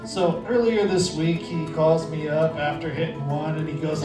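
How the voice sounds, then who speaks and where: A man's voice: on the high side, fairly even intonation, moderate pace, far from the mic. Guy doing crude rambling jokes at a live show, echoey room, guitar music behind. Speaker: comedy sidekick. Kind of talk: live stand-up. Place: comedy night in a dispensary.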